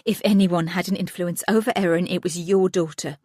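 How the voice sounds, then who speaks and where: A woman's voice: on the low side, fairly even intonation, fairly quick, a little mellow, no room sound, clean studio sound, lightly acted. A woman voicing a grieving mother who is angry and accusing in an audiobook, speaking with raised urgency. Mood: anguished.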